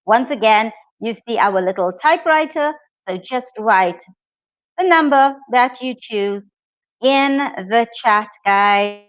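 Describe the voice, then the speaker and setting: A woman's voice: fairly high pitch, slow. A woman teaching a live online English exam lesson, upbeat and encouraging as she talks to her viewers. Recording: dull lo-fi stream audio.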